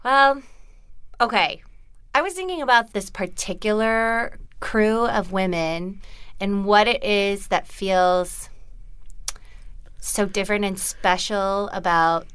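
A woman's voice: medium pitch, takes it slowly, a bit bright, clear, resonant tone, no echo. A woman with a Southern California accent, whose first language was Korean, chatting as a guest in an interview in a chatty, self-mocking way full of "like.". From United States. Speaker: actress guest. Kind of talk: casual interview chat.

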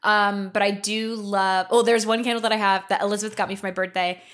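Chatty woman podcast co-host. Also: brisk. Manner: rambling, lots of "like", animated jumps in pitch. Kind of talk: casual comedic chat. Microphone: podcast mic.

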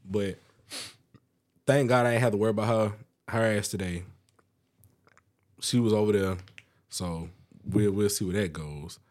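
A man's voice: normal speed, pauses often. A young man casually telling work stories on a podcast, loose and profane. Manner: laid-back storytelling, profane, lively pitch. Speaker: podcast co-host. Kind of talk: casual chat.

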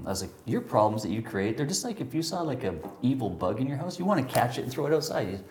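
A man with a lowish voice and roomy-sounding audio tells a personal story in casual conversation. He rambles in an animated way, using lots of fillers and acting out what people said.

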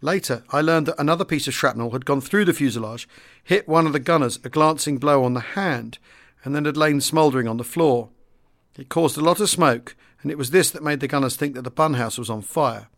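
A man reading a wartime memoir aloud in the first person, steady and understated. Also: a little high, fairly quick. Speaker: audiobook reader.

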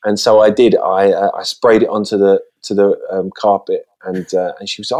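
A man's voice: on the low side, little pitch movement, normal speed, few pauses, dark tone. A man telling casual stories as a podcast guest, rambling through many false starts, recorded on a phone.

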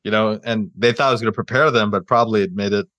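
A man hosting a podcast interview in a relaxed, casual way, with frequent stumbles and restarts. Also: lowish voice, very fast, no room sound, highs cut off. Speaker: podcast host.

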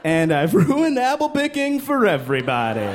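A high-pitched man doing stand-up with a very lively, swooping delivery. He laughs through his lines and shrieks up for quoted voices. The club has a faint hum behind him. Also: normal speed. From Brooklyn. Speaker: stand-up comedian. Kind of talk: stand-up routine. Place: comedy club stage.

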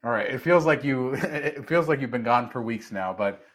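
A man co-hosting a podcast, steering the conversation in a relaxed, casual way. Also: medium pitch, normal speed. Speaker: podcast co-host. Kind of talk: casual chat.

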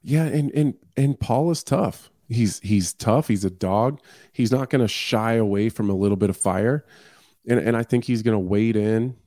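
A man's voice: on the low side, moderate pace, dark tone, no echo, studio quality. A man appearing as a fighter on a sports talk show, speaking frankly with stammering restarts. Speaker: guest fighter. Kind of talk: casual sports chat.

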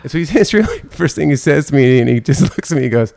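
A middle-aged man, a food critic and TV judge, telling stories in a casual interview, rambling and animated with lots of fillers. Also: on the high side, fast, gravelly. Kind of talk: casual storytelling in a podcast interview.

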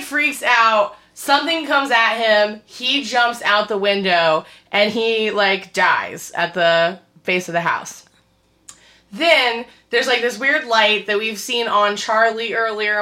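A woman's voice: medium pitch, measured pace. A woman casually recapping a horror film in chat, acting out the scenes and swearing freely. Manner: animated storyteller, acts out scenes; swears casually, says "like" often. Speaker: podcast co-host recapping a film.

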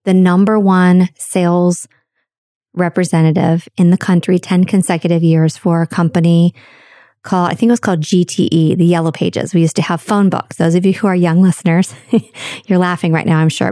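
Low, mellow-voiced woman telling stories. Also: no room sound, studio quality. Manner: candid, storytelling, drawn-out emphasis. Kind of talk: reflective personal monologue.

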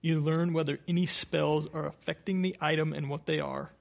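A man's voice: on the high side, fairly even intonation, moderate pace, gravelly. A man playing in a tabletop role-play, playful and reading rules aloud. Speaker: player.

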